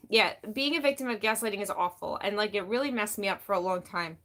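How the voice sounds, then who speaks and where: A woman's voice: medium pitch, fast, hardly any pauses, a bit bright. A woman talking casually on a live stream, candid and rambling, full of "like", answering chat as she goes. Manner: candid, rambling, heavy use of "like"; reads and answers chat comments.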